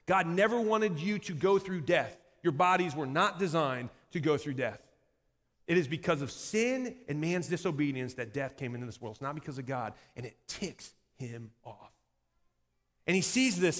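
A man in his thirties preaching a sermon as pastor, shifting from lively delivery to quiet, intense passages. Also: on the high side, normal speed. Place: church sanctuary. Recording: long hall reverb.

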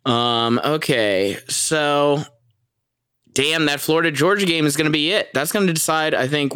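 A young American man tells a story to his viewers, animated and profane, breaking into laughter. His voice is smooth and resonant, at a middle pitch. The sound is dry and close. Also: no echo. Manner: animated, profane, laughs often, mimics people in high voices. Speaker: vlogger. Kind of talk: casual storytelling.

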